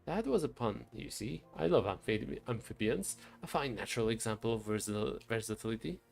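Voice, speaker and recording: A man voicing an eccentric, rambling gentleman obsessed with animals, in a whimsical, posh manner. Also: mid-range voice, expressive, fairly quick, gravelly.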